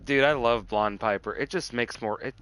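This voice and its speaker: A man's voice: mid-range voice, moderate pace, a bit bright, clear, resonant tone, no room sound. A man streaming a video game, chatting casually in a rambling, profane way and often cutting himself off, a little tipsy from drinking. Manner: rambling, profane, self-interrupting. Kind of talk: casual gameplay commentary.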